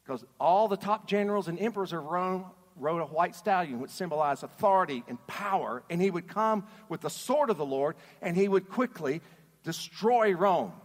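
A man preaching a sermon in an animated, emphatic way, putting questions to his audience. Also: high-pitched. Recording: reverberant hall.

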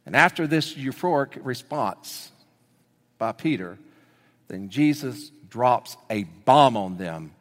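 A man preaching a sermon as pastor, telling the story with lively energy and dropping to hushed emphasis at key points. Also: medium pitch, slow pace. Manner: animated storytelling, swings between loud excitement and hushed emphasis. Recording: long reverb of a large hall.

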